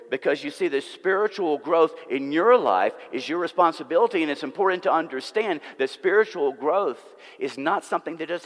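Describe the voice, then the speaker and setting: A man preaching a sermon, earnest and emphatic, repeating words for stress. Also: on the high side. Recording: long reverb of a church hall.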